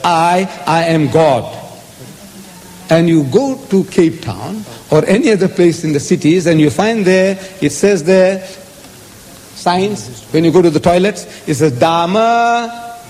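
A man's voice: fairly high pitch, measured pace, warm tone. A man giving an emphatic lecture on scripture, quoting verses aloud in shifting voices. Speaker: speaker in a religious debate. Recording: hall with long reverb.

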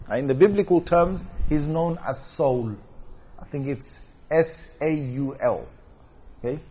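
A man's voice: a little high, animated, quick pace, breathy edge. A man teaching a scripture commentary lesson in an explanatory way, often checking in with his listeners. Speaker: religious teacher.

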